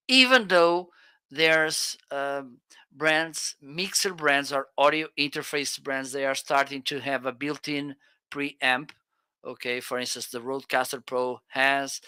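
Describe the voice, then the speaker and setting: A man's voice: mid-range voice, sharp tone, clean tone, no echo. A man with a Portuguese accent, co-hosting a live stream and enthusiastically reviewing products into a close studio microphone. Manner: enthusiastic, frequent "okay?" check-ins. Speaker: livestream co-host. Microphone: close studio dynamic mic.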